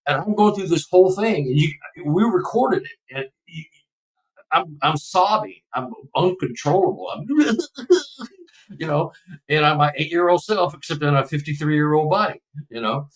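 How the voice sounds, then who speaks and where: A man's voice: on the high side, normal speed, distant mic, rough recording. A man in his seventies from Texas, a podcast guest telling a personal story in a casual, emotional, rambling way.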